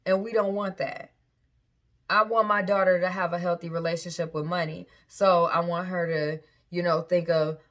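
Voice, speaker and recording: A woman's voice: on the low side, steady tone, normal speed, fairly bright tone. A woman vlogger and parent talking casually to camera, candid and frank, often stopping to backtrack and restart.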